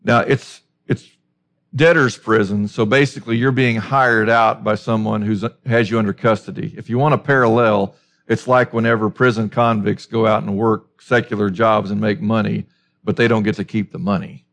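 A man's voice: fairly low pitch, fairly even intonation, normal speed, creaky, a bit bright. A man preaching a sermon as a pastor, emphatic and full of rhetorical questions.

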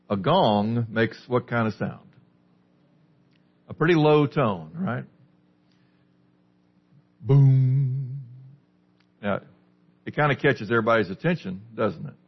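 A man's voice: lowish voice, vocal fry, muffled recording. A man preaching a sermon as a pastor, teaching a small group with questions in a conversational way. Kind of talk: sermon, Bible study.

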